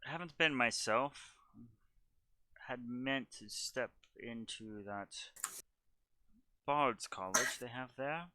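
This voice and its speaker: A man's voice: medium pitch, slow pace, long pauses, pushed and bright, no room sound. A man playing a cold, ruthless schemer. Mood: cold, detached. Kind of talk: in-character tabletop role-play.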